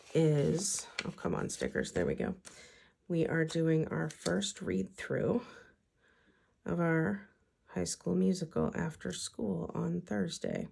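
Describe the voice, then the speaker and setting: Brief: chatty woman planner vlogger, deep pitch, husky tone. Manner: chatty, talks to herself as she works. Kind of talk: casual chat while decorating a planner.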